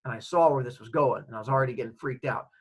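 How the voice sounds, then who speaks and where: A middle-aged man, a podcast host, telling a story in a chatty, animated way. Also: mid-range voice, very fast, slightly rough, rough recording. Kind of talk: casual storytelling.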